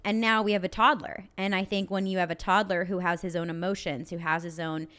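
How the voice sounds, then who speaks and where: A young woman talks through a casual podcast conversation in a slightly low voice. She is open and emotional, and her sentences are full of "like" fillers. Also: flat delivery, fairly quick, fairly bright tone, clean tone. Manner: chatty, frequent "like" fillers, emotional. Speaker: podcast co-host. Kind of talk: casual chat.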